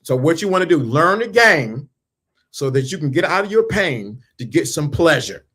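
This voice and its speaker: A man's voice: fairly high pitch, big pitch swings, normal speed, fairly bright tone, breathy edge. A man giving a motivational talk about mindset and dating, in emphatic, repetitive, preaching style with casual slang and questions thrown at the listener. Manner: emphatic, repeats lines, asks the listener questions.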